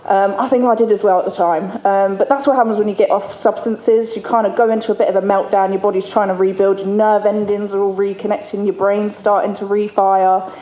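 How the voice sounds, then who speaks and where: A woman's voice: medium pitch, level tone, brisk, hardly any pauses, dark tone. Candid woman in an echoey hall. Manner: candid and chatty, laughing often. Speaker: former resident giving a recovery testimony. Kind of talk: personal testimony speech to an audience. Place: event hall with an audience. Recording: echoey hall, faint room ambience.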